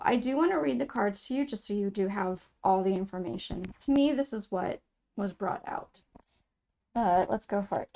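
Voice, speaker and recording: A woman giving a pick-a-card tarot reading to her viewers, musing aloud and reading out card meanings. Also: mid-range voice. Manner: soft, musing, reads card texts aloud. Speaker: tarot reader.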